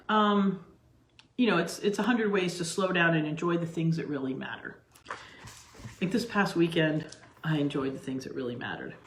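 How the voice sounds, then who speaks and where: A middle-aged woman with a low-sitting voice hosts her own cooking channel, chatting casually to camera from her home kitchen. She rambles through asides and restarts, with slight background noise and a roomy, echoey kitchen sound.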